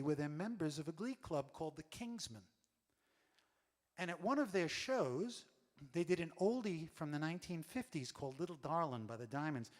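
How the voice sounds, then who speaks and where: A man's voice: a little high, big-room sound. A man from New York telling wry comic stories in a stage monologue. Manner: animated, wry. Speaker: storyteller.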